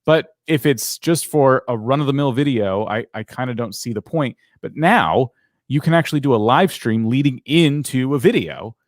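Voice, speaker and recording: Easygoing male co-host, mid-pitched, practical tips, dry close recording. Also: dry recording. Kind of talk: live Q&A chat.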